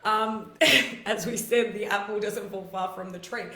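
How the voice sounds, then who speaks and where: A middle-aged woman from Greece, hosting a casual live chat and telling stories in a chatty, animated way with many fillers. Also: mid-range voice, measured pace, roomy sound, very noisy. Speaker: host.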